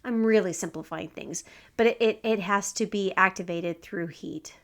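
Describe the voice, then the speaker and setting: A woman co-hosting a podcast in casual chat, animated and joking, often laughing. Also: medium pitch, normal speed. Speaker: podcast co-host.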